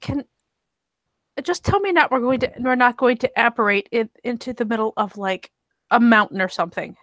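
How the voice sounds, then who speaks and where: A woman's voice: on the high side, normal speed, fairly bright tone, no echo. A woman playing a tabletop game, asking wry, careful questions. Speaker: player. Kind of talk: casual tabletop game chat.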